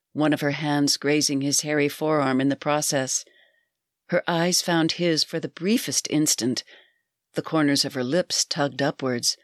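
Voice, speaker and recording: A woman narrating a scripted story in a calm, measured reading voice. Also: sits low, no echo, studio quality.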